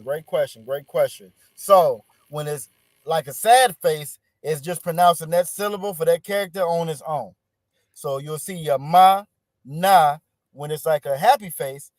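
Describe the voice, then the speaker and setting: A man's voice: a little high, moderate pace, no echo, studio quality. A man teaching an online class over a video call, encouraging his students and often repeating words.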